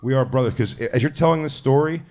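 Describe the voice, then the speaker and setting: A man's voice: mid-range voice, fast, a little mellow. A man hosting a podcast who asks questions and makes emphatic, profane points. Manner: emphatic, swearing, laughing, questioning. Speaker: podcast host. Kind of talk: casual chat.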